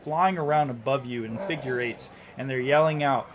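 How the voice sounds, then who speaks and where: A man's voice: medium pitch, moderate pace, hardly any pauses. A man running a tabletop game as game master, narrating the action in vivid, descriptive detail with frequent restarts.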